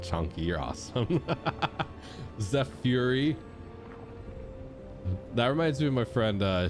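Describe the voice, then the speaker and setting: Young man, lively swooping voice, lowish pitch, casual game stream commentary, music playing behind. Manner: animated, chatty, shouts out subscribers.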